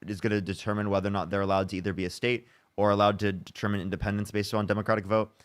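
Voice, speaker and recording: A man's voice: fairly low pitch, level tone, racing, clean tone, dry recording. A young man hosting a livestream debate. He presses guests for answers with exasperation and rattles off thank-yous to donors. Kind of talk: heated live debate and donation shout-outs.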